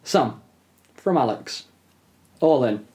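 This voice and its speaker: A man's voice: medium pitch, animated, takes it slowly, dark tone. A man with a Birmingham accent co-hosting a podcast, reading a listener's note aloud with giggles. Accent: Birmingham English. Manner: giggly, reads with mock emphasis. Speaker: podcast co-host.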